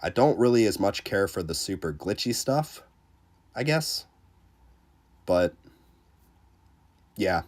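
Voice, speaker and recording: Low-voiced sick man chatting on a stream. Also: slow pace, pauses often. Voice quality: congested from a cold. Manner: relaxed, rambling, lots of fillers. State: sick, under the weather. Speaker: game streamer reading chat. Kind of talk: casual livestream chat.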